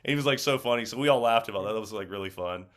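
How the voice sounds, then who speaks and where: Animated young man telling set stories. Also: on the low side, racing. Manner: animated storyteller, acts out quotes. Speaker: actor guest. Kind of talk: casual interview chat.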